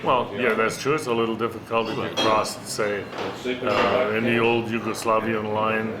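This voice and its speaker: A man's voice: on the low side, little pitch movement, normal speed. A man talking casually over dinner, blunt and opinionated, arguing his point. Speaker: dinner guest in conversation. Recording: noisy restaurant crowd behind.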